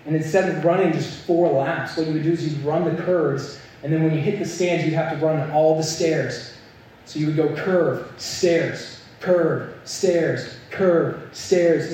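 In an echoey hall, with the mic set at a distance and a slight hiss or hum, a young preacher tells a story and drives toward earnest, emphatic points. His voice sits on the high side, a little mellow, at a moderate pace.

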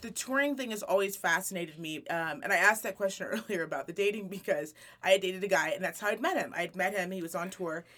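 A woman's voice: fairly low pitch, fast talker, hardly any pauses, fairly bright tone. Woman, podcast host, casual chat, profane, laughing, storytelling.

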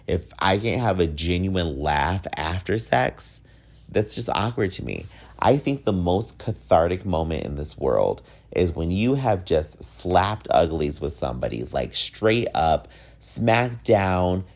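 A young man hosts his podcast alone, with a low, deep voice. He talks candidly, with sass and a campy flair. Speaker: podcast host. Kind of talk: casual solo podcast chat.

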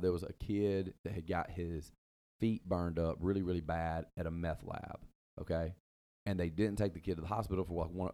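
Deep-voiced man rambling through a story. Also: darkish tone. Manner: rambling, meandering, full of fillers and asides. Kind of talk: casual storytelling chat.

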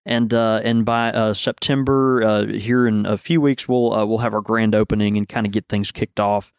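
A man's voice: on the low side, fairly even intonation, normal speed, smooth, dry recording, studio quality. A man co-hosting a casual live podcast, rambling with many fillers and restarts. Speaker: podcast co-host and shop owner. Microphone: studio microphone.

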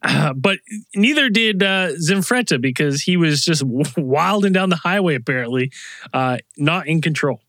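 A man jokes around on a podcast with a bright, lively voice that swoops up and down. He is quick to tease and riff. The recording is dry and close. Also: on the high side, no room sound. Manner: animated, jokey, breaks into silly voices. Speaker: podcast co-host. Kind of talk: casual podcast banter.

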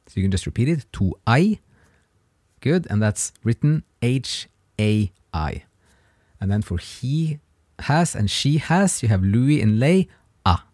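Male podcast teacher, patient and slow with examples, animated pitch, dry sound. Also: no echo. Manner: patient, repeats words slowly for learners. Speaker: language teacher, podcast host. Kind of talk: casual podcast lesson.

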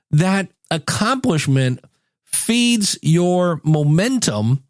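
A man's voice: a little high, animated, unhurried, a little mellow, dry recording. Chatty self-mocking man, dry close mic. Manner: chatty, self-mocking, acts out little quotes. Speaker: podcast host. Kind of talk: casual solo podcast talk.

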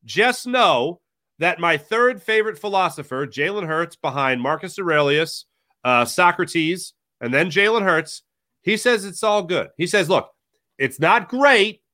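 Lively, bright-voiced male sports co-host. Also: high voice. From Philadelphia area. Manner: animated, jokey, quick tangents. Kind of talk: casual sports talk.

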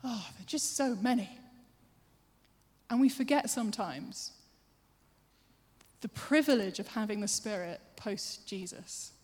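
A woman preacher giving a sermon, chatty and self-deprecating, with quick asides to the congregation. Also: mid-range voice, animated, a little mellow, husky. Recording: long hall reverb.

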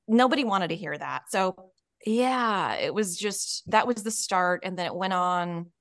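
A podcast guest who writes books and coaches people tells her own story, sincere and open, with plenty of "like" and "you know" fillers. Her mid-range voice is expressive and unhurried, with a fairly bright tone. The sound is dry and studio-clean.

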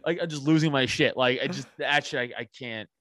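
A man, a podcast guest, telling a story in casual chat, animated and full of swearing. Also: mid-range voice, fairly quick, no echo.

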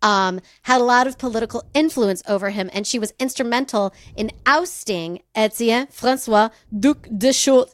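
Woman podcast co-host from California, animated storyteller, higher voice, dry close sound. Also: moderate pace, few pauses, dry recording. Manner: animated, laughs often, acts out quoted voices. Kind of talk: casual storytelling chat.

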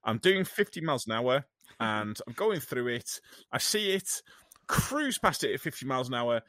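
A man's voice: medium pitch, big pitch swings, normal speed, fairly bright tone, dry recording, studio quality. Man hosting with a wildly swinging voice. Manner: joking, teasing. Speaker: podcast host. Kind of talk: casual chat.

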